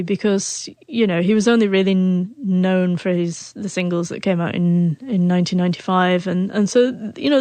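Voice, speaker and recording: A woman's voice: on the low side, a little mellow, dry recording. A woman in her forties, an author telling a personal story in an interview, who stutters on the first sounds of words. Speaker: author and guest.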